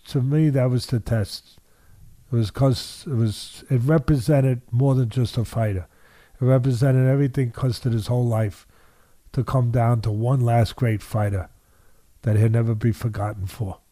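A man's voice: mid-range voice, warm tone, no room sound. Emphatic older man telling a story. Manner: emphatic storyteller, repeats phrases, acts out quoted voices. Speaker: boxing trainer guest. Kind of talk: storytelling interview.

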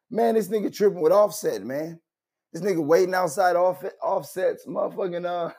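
A man hosts a commentary show in a loose, profane rant, full of mocking asides and loud outbursts. His voice sits high for a man and has a husky, breathy edge. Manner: loud, animated, laughing, swearing, mocking asides.

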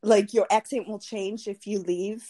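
A woman's voice: medium pitch, steady tone, measured pace, mellow. A woman from South Africa with a South African accent mixed with a little Canadian, talking casually as a podcast guest and laughing often. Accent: South African, with some Canadian. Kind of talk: casual chat.

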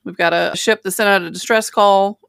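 A woman's voice: medium pitch, steady tone, brisk, gravelly, fairly bright tone, dry recording, studio quality. A woman playing a tabletop game, giving orders as her captain character. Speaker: player.

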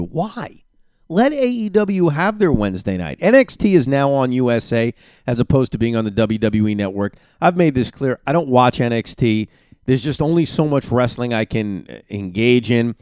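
Animated, opinionated man hosting a podcast. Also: medium pitch, no room sound, studio quality. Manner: opinionated, ranting; animated, emphatic. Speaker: podcast host. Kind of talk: solo podcast reaction.

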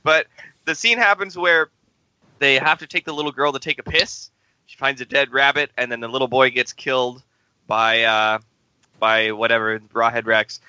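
A man's voice: mid-range voice, fairly even intonation, moderate pace, pushed and bright, clean tone, dry recording, dull audio. Crude joking Canadian podcast guy. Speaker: podcast co-host. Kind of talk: casual movie review chat.

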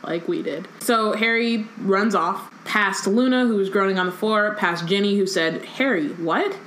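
A woman co-hosts a casual chat, recapping the plot in a plain voice and then reading passages straight from the book. Her voice sits at an ordinary pitch, and the room around her is echoey. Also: normal speed, a bit bright, a little hiss or hum. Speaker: podcast co-host.

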